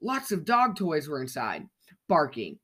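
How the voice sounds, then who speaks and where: A host reading a children's storybook aloud with clear, expressive narration. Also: medium pitch, a little slow. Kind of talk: storybook read-aloud for kids.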